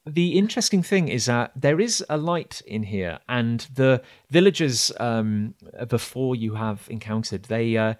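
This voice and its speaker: Guy game-mastering a tabletop rpg, lots of ums and restarts, middle-pitched voice. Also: expressive, measured pace, few pauses. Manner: hesitant, many fillers and restarts.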